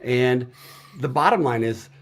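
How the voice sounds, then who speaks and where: Middle-aged man, casual guest, talks through his ideas with many fillers, average pitch. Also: measured pace. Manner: relaxed storytelling with frequent "uh" fillers. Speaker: guest software developer. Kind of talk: casual conversation on a video show.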